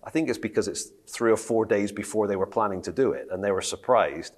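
A man's voice: fairly low pitch, brisk, few pauses, a little mellow. A man teaching a Bible study in a conversational way, reading scripture aloud and asking the group questions.

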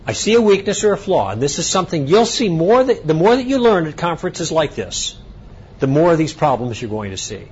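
A man giving a conference lecture, telling an anecdote in an animated storytelling way. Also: a little high, a little fast, husky, muffled recording. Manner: animated storytelling, acting out both sides of a dialogue. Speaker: speaker at a conference.

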